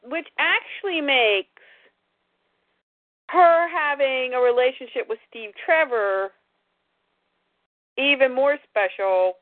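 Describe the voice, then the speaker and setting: A woman's voice: high voice, slow pace, long pauses, no room sound. A woman co-hosting a casual chat about comics, chatty and exclaiming. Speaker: podcast co-host. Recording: dry, tinny phone-like line.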